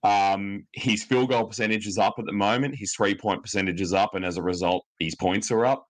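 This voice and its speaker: A man with a very deep voice talks through his points on a podcast. He stays relaxed and easygoing, often pausing on an um. The sound is dry and close, with no room around it. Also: dry recording, low-quality recording. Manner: relaxed, lots of ums, easygoing. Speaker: podcast co-host. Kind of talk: casual podcast chat.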